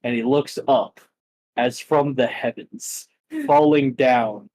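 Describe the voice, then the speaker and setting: A man narrating a superhero tabletop game as game master, telling the battle in an animated, storytelling way. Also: medium pitch, slow pace, no room sound, rough recording.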